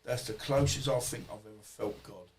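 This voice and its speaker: A man's voice: medium pitch, moderate pace, low-quality recording. A man, a podcast guest telling rambling personal stories in casual talk, swearing freely and acting out what people said to him. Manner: rambling, swears freely, acts out quoted dialogue. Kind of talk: casual storytelling interview.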